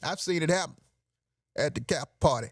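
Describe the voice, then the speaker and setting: A man's voice: on the high side, lively intonation, moderate pace, slightly rough, no room sound. Brash man joking in a dry room. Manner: brash, joking, laughs at his own bits. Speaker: podcast host. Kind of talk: casual comedic monologue.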